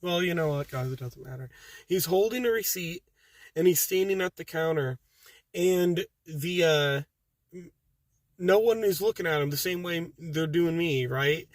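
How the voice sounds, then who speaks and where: Delivery-driver vlogger: man, high voice, chatty and animated, dry sound a little off-mic. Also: a little slow, dry recording. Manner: animated, casual, says dude a lot. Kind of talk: casual vlog storytelling. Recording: dry, a bit distant from the mic.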